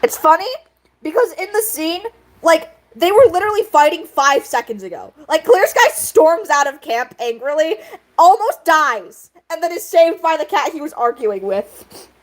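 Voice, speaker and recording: A woman's voice: sits high, big pitch swings, moderate pace. A young woman creator chatting casually while she draws, rambling with fillers and frequent giggles. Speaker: video creator. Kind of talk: casual chat while drawing.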